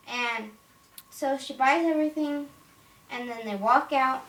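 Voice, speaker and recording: A woman's voice: sits high, a little slow, pauses often, fairly bright tone. A woman casually showing a toy playset and rambling through its story. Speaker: toy reviewer. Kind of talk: toy unboxing and story retelling. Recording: roomy, from far off, faint noise.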